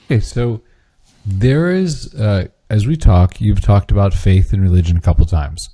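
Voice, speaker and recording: A man's voice: lowish voice, normal speed, mellow. A man from Texas, a podcast guest in casual interview chat, speaking in an easygoing way.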